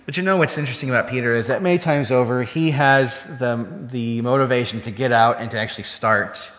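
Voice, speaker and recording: A man's voice: mid-range voice, a little fast, fairly bright tone. A man preaching a sermon in a conversational way, often putting rhetorical questions to his listeners. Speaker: pastor. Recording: long reverb of a hall.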